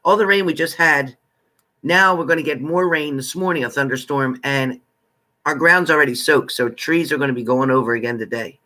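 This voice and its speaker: A man's voice: medium pitch, brisk, sharp tone. A man hosting a live tarot stream, chatting casually and greeting viewers by name with familiar terms like honey.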